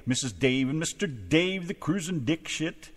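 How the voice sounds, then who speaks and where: Brief: American male radio co-host, jokey and rowdy, headset mic, lively higher voice. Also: moderate pace. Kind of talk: casual radio chat.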